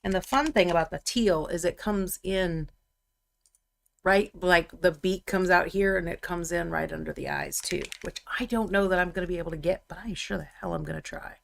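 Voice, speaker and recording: A woman's voice: fairly low pitch, moderate pace, vocal fry, a little hiss or hum. A woman chatting casually and teasing her co-host while she paints miniatures on a live stream. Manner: chatty and teasing, often laughing.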